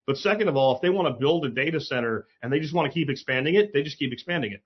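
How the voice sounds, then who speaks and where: A man's voice: on the high side, expressive, very fast, husky, lo-fi sound. A man hosting a casual opinion monologue, talking bluntly and sarcastically, with frequent swearing and emphatic asides. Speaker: commentary host.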